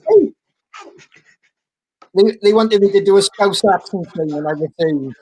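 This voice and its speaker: A man's voice: high-pitched, normal speed, a little mellow, breathy edge. A man in casual chat on a video call, joking around and trying out silly accents. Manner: jokey, tries silly accents. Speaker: guest.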